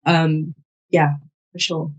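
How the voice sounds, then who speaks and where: A woman with a fairly low voice hosts a casual podcast interview. She tells personal stories candidly and animatedly, leaning on plenty of fillers. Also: little pitch movement, takes it slowly, rough recording. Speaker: podcast host.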